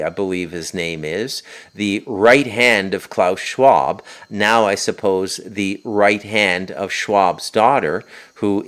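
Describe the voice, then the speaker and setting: A man's voice: low-pitched, a bit bright. A man delivering a spoken monologue as host, insistent and peppering his points with a questioning "okay?". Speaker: host and author.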